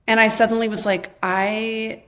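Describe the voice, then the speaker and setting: A woman in her thirties, a podcast guest candidly telling her own life story, quoting her past self in lively bursts with a lot of "like". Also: fairly high pitch, normal speed. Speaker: podcast guest, memoir author.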